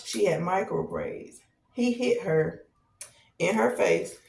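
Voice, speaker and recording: A woman in her thirties, a podcast host telling a long personal story in a casual, animated way, repeating herself as she goes. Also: on the low side, creaky. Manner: animated, conversational, drawn-out repetitions. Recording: roomy echo, distant from mic.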